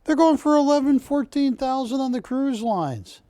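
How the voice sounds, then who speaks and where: Jokey man pitching items on live TV. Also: normal speed, mellow, no echo. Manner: jokey, chatty salesman banter. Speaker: shopping channel host. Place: TV studio.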